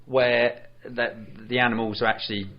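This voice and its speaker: A man co-hosting a podcast, chatting casually about a film in a hesitant, rambling way with many pauses and fillers. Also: mid-range voice, little pitch movement, highs cut off. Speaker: podcast co-host. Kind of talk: casual film review chat.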